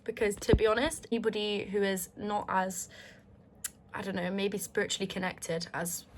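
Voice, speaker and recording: A woman's voice: mid-range voice, a bit bright, slight background noise. A woman talking straight to her viewers in a candid, heartfelt monologue. She is emphatic and reflective, swears freely and often restarts her sentences. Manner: earnest and reflective, with frequent restarts. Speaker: vlogger.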